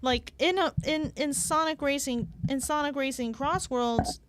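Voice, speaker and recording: A woman talking as a guest on a casual gaming podcast, halting and full of fillers and repeated words. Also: high-pitched, slight background noise.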